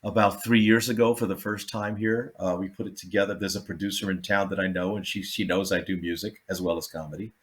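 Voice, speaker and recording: A man's voice: fast, few pauses. An older man, a comedian, telling stories in a casual chat and acting out the people he quotes. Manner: animated, acts out quotes with big jumps in pitch. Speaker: comedian guest.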